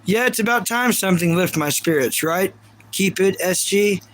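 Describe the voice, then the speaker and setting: A man's voice: sits high, expressive, normal speed, a bit bright, rough recording. A man with a Kentucky accent chatting casually on a live stream, rambling earnestly and reading viewer comments aloud. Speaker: livestreamer.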